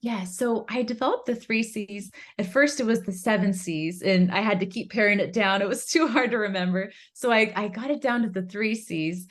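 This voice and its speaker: A woman guest, an author and curriculum instructor, explaining a parenting framework in an interview, earnest and acting out gentle phrases a parent might say. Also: medium pitch, normal speed, hardly any pauses.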